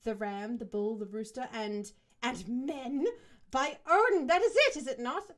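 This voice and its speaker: Besetzung: Frau liest spöttische Wikinger-Anführerin, theatralisch. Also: female voice, fairly high pitch, a little slow, natural voice. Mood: mocking.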